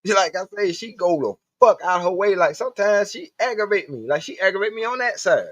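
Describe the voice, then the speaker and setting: A man's voice: high-pitched, animated, fairly quick, a bit bright, no room sound. A man hosting a live stream, rambling casually and profanely while he talks to his chat. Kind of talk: casual livestream monologue. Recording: dull, dry lo-fi stream audio.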